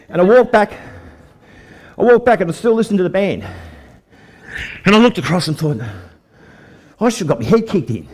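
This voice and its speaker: Australian man, older, folksy testimony sermon, slightly high voice. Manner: folksy storytelling, lively with the crowd. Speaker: preacher.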